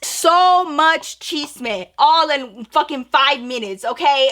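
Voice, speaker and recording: A young woman telling a storytime vlog while getting ready, animated and profane, acting out the quoted dialogue. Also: high voice, takes it slowly. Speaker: vlogger.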